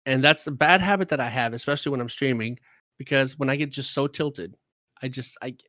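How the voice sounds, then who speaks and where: A man's voice: medium pitch, a little fast, sharp tone, no echo. A man who streams games, telling a story in casual podcast chat, talkative and worked up. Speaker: streamer and gamer.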